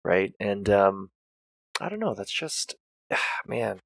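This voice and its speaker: A low-voiced man in casual podcast talk, wandering through his thoughts with plenty of curse words and restarts. The mic is close and dry. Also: sing-song, slow, gravelly, no echo. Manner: rambling, profane, searching for words. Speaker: podcast co-host. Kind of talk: casual chat reviewing a film.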